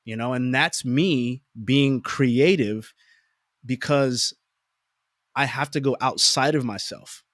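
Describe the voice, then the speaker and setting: A man's voice: medium pitch, takes it slowly, a bit bright, no room sound. Forties guy telling life stories on a podcast, trips over words a lot, plays out his own thoughts, dry close sound. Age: 40s. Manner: stammers and repeats words, acts out his own inner voices. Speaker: podcast guest. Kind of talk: reflective personal storytelling.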